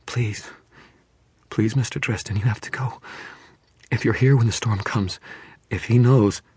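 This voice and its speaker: A man's voice: low-pitched, normal speed, slightly rough, no room sound, pitched above the performer's own voice. Man voicing a frightened, pleading mother. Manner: strained, pleading, close to tears. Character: frightened, grieving mother, a woman in her thirties.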